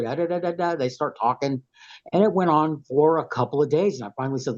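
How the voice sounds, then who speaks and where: Male guest with a cold, husky, plain-spoken rambler, muffled lo-fi line. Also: a little high, fast talker. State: has a head cold. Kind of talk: casual storytelling. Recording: dull, lo-fi sound.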